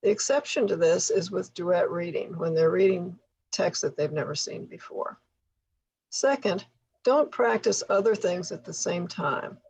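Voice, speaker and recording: A woman leading a tutor training workshop, explaining things patiently with occasional soft laughs. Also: on the low side, unhurried, slight background noise, low-quality recording. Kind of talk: workshop instruction.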